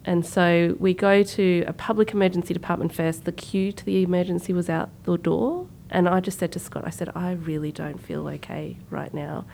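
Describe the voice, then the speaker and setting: Woman, thirties, podcast co-host; low, slightly fried voice, chatty storyteller who acts out quotes. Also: steady tone, moderate pace, vocal fry, few pauses, mellow, a little hiss or hum. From Sri Lanka. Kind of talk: casual conversational storytelling.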